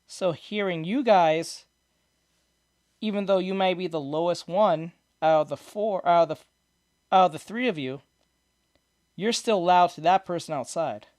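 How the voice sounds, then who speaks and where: Reacting to viewer comments, this male streamer talks in a high, slightly mellow voice with studio-quality sound and no room reverb. His casual live-stream chat wanders, with restarted sentences and chuckles at his own jokes, all captured on a desk microphone.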